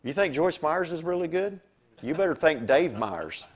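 Animated, fairly high-voiced male preacher. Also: moderate pace. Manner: animated storytelling, swings from soft to loud. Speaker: pastor. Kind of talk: sermon.

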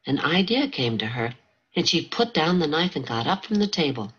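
Low, husky woman narrating. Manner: calm, measured reading. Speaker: audiobook narrator. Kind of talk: scripted narration. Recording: dull lo-fi home recording.

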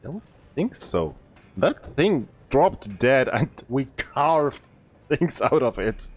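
A man voicing a boisterous male blacksmith from a video game in a put-on fake Scottish accent, loud and bantering. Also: mid-range voice, sing-song, slow pace. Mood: boastful.

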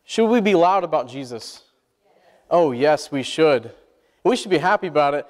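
A man's voice: fairly high pitch, animated, moderate pace. A male pastor, preaching a sermon and asking the congregation to answer back. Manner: call-and-response preaching, asks the congregation questions. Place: church sanctuary. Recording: long church hall reverb.

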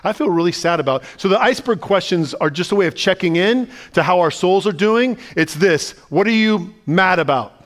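A man, the pastor, preaching a sermon in a conversational, animated way and asking the listeners lots of questions. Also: sits high, normal speed, few pauses. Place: church sanctuary.

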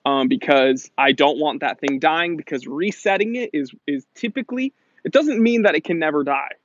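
A man with a fairly high voice talks casually on a live stream, answering viewer questions with lots of restarts and fillers. The sound is dry and close, with a slightly dull, lo-fi quality. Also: moderate pace, no echo. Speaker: watch shop owner hosting a live stream.

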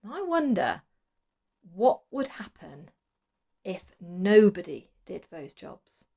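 Gentle woman talking to children. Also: medium pitch, sing-song, slow, creaky. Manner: gentle, questioning, speaking to children. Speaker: school worship leader. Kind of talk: children's collective worship talk.

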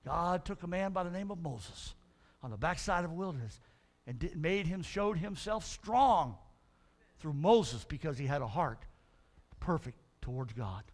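A middle-aged male pastor preaching a sermon, telling Bible stories in an animated way, acting out the figures and building to shouts. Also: on the high side, unhurried.

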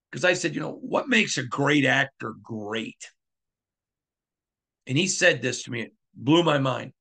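A man's voice: medium pitch, creaky, pushed and bright. A middle-aged man hosting a sports podcast, talking in an emphatic monologue and repeating lines for effect. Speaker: podcast host.

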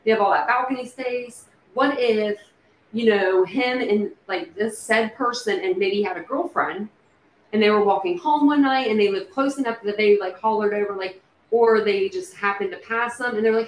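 A woman hosting a casual livestream, thinking out loud with many fillers and restarts. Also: mid-range voice, normal speed. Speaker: true crime livestream host. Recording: echoey room with faint background noise.

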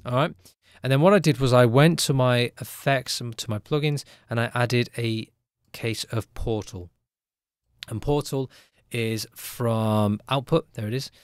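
A man who produces music gives a casual, upbeat tutorial in a chatty way, often tagging lines with a quick question. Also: medium pitch, clear, resonant tone, no echo, clean studio sound.

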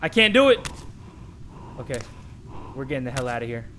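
A young man commentating a horror game, excitable and jokey, dropping to a hush and then shouting. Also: mid-range voice, brisk, a little hiss or hum. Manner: excitable, jokey, swings between hushed and shouting. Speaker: gaming commentator.

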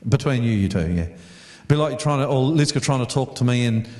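In an echoey room, a middle-aged Australian pastor preaches a storytelling sermon with a brisk, expressive, slightly mellow mid-range voice. He keeps it chatty, repeating words and questioning the congregation.

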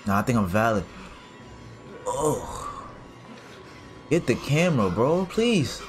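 A gaming streamer gives let's play commentary on a horror game, reacting in panic with casual slang as game music plays behind him. His medium-pitched voice is very animated, yet he speaks slowly.

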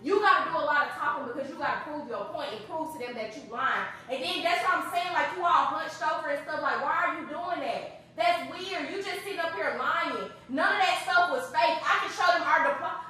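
Young woman, exasperated and accusing, high pitch, distant and echoey in a house. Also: fairly quick, sharp tone. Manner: indignant, scolding, repeats herself. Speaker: YouTuber. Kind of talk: joking prank vlog. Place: house, calling from the doorway. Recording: echoey room, off-mic.

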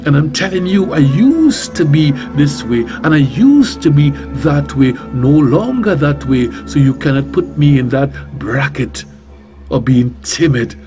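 A man's voice: a little high, animated, measured pace, over music. A man with a Trinidadian accent, a reverend preaching on talk radio, bold and emphatic, repeating phrases and firing rhetorical questions. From Trinidad and Tobago.

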